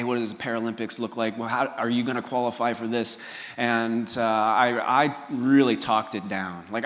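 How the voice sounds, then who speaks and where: In a big-room acoustic, a man gives a motivational keynote, sharing a personal story and putting direct questions to the audience. His voice is mid-range and slightly bright.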